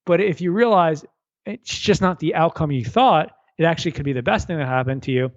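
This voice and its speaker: A man's voice: fairly high pitch, animated, fairly quick, lo-fi sound. A man who is an author and guest on a radio interview, telling a parable with lots of energy and often repeating words as he restarts a thought.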